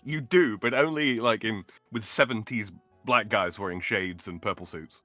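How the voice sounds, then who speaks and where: A man co-hosting a casual podcast chat, speaking haltingly with many fillers. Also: fairly low pitch, sharp tone, no room sound, soft background music. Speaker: podcast co-host.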